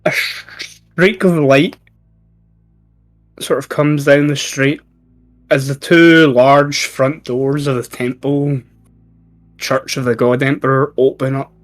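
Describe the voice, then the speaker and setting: A man narrating as game master of a tabletop game, unhurried and hesitant. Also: mid-range voice, level tone.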